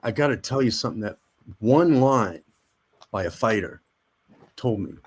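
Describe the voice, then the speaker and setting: A man's voice: fairly low pitch, expressive, moderate pace, husky. A man, an Army veteran and actor, telling blunt, profane stories as a guest in a casual interview. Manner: blunt, profane, intense storytelling.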